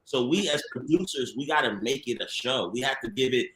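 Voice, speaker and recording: A man's voice: mid-range voice, fairly quick, bright, forceful tone, roomy sound. A man who works as a TV producer, telling stories in a casual, slangy conversation and laughing often. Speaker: TV producer guest.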